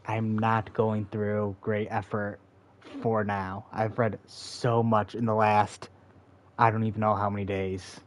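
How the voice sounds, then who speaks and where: A man's voice: fairly low pitch, flat delivery. A man streaming a game, chatting casually and offhandedly to a friend. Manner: offhand and unhurried. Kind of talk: casual chat to a friend while playing.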